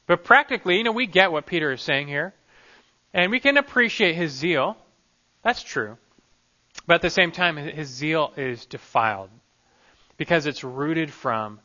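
A man's voice: on the high side, pushed and bright, muffled recording. A man preaching a sermon on a Bible passage, emphatic and full of rhetorical questions.

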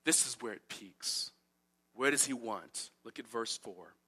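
A pastor, preaching with a bright, forceful tone. He tells a story with big swings, rising to loud emphatic peaks and then dropping to hushed asides. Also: medium pitch, a little slow, breathy edge. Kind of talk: sermon with personal story.

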